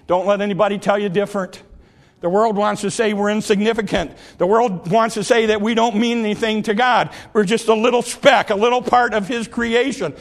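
Male preacher, very high-pitched, fervent repetitive sermon delivery with bursts of shouting. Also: moderate pace, gravelly.

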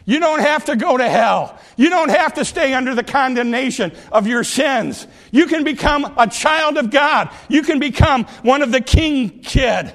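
High-voiced man preaching with fervor. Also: expressive, normal speed, few pauses. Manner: emphatic, repetitive preaching cadence, bursts into shouts. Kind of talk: sermon.

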